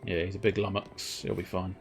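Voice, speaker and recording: A man's voice: deep voice, flat delivery, fairly quick. A young man streaming a video game, chatting and rambling to viewers in a self-amused way, sometimes singing joke lines. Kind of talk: casual gameplay commentary. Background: faint game music.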